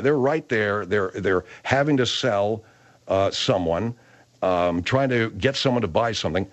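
A man hosting a comedy show, telling a rambling story with many asides. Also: on the low side. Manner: rambling, lots of fillers and restarts. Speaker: host.

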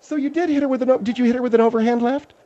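A woman's voice: a little high, fairly even intonation, racing, dark tone. A woman co-hosting a comedy radio show, cutting in with blunt remarks. Her voice comes through dull and lo-fi, like an old broadcast. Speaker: radio co-host.

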